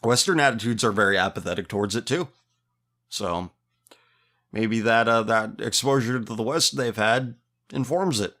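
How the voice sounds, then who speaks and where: A man's voice: fairly low pitch, normal speed, a bit bright. A man hosting a casual podcast, reading listener messages and answering them in a sarcastic, mocking manner with frequent laughter. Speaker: podcast host.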